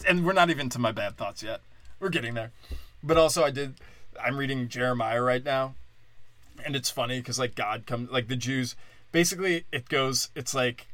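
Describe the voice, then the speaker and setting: A man's voice: medium pitch, fairly bright tone, dry recording. A man hosting a podcast, delivering an irreverent comedic monologue, rambling with lots of "like" and frequent laughter. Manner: rambling, laughs often, heavy use of "like".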